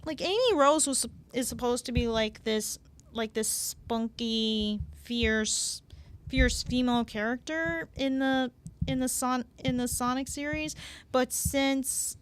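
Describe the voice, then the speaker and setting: Slow, halting woman with a smooth voice. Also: high voice. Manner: halting, many repeated words and fillers. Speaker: podcast guest. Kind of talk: casual podcast chat.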